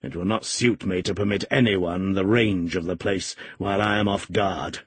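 A man voicing a stern, gruff master of the house. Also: sits low, fairly even intonation, normal speed, no room sound, voice pushed down. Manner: stern, clipped.

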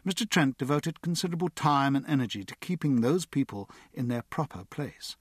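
A man narrating an audiobook with expressive, dramatic storytelling. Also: medium pitch, fairly quick, husky, dry recording, clean studio sound.

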